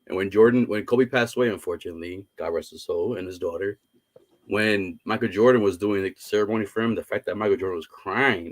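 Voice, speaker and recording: Laid-back low-voiced collector guy. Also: quick pace, no room sound. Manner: easygoing, says "man" a lot. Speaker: collector, stream guest. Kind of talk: casual chat.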